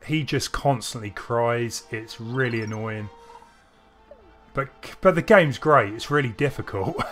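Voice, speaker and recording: A man's voice: mid-range voice, takes it slowly, a bit bright, faint music behind. A man co-hosting a game stream, chatting casually and rambling with restarts while he plays. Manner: rambling, with frequent restarts and laughs. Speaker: streamer co-host. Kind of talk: casual chat while playing games.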